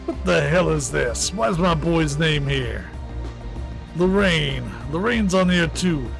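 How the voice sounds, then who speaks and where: A man voicing a hot-headed male police detective, loud, angry and raised in pitch. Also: a little slow, gravelly, music in the background. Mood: furious.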